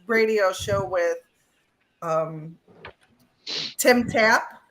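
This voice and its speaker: Bright-voiced woman guest, rambling. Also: mid-range voice, very slow, poor audio. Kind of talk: casual interview.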